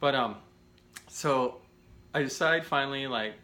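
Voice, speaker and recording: Bright-voiced man telling a story. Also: medium pitch, unhurried. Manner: animated, self-deprecating, rambling with restarts. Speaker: vlogger. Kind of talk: casual storytelling to camera.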